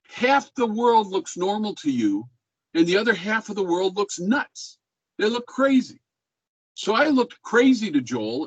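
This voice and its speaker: A man's voice: high-pitched, husky, no room sound, highs cut off. An older man teaching an online class, talking in a laid-back way and checking in with questions. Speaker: music professor.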